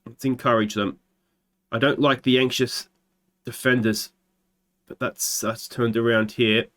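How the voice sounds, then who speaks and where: Calling a football management match as if he were a commentator, an Australian let's play host swings into excited yelling whenever something big happens. His mid-range voice moves at an unhurried pace.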